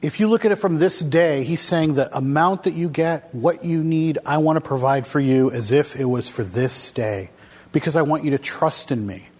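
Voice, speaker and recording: A man's voice: a little high, normal speed, a little mellow. A man preaching a casual, conversational sermon to a congregation, asking them questions as he goes. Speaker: pastor. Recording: long hall reverb.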